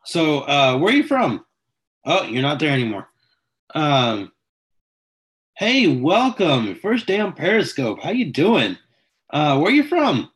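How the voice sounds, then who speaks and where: A man's voice: a little high, very animated, a little slow, pauses often, fairly bright tone. A man hosting a casual livestream chat, greeting viewers and answering their questions in a chatty, welcoming way. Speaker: livestream host.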